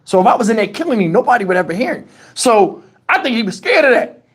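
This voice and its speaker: A man hosts a livestream and tells a story in an animated, profane and colloquial way. His voice is husky, and his pitch rises and falls a lot. He is recorded on a clip-on lapel mic. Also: fast. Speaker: channel host. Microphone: wireless lapel mic.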